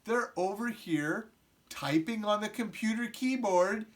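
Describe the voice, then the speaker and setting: A middle-aged man reading a picture book aloud to preschool children, often stopping to ask them questions. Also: sits high. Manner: slow, animated, asks the children questions. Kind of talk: storybook read-aloud to young children.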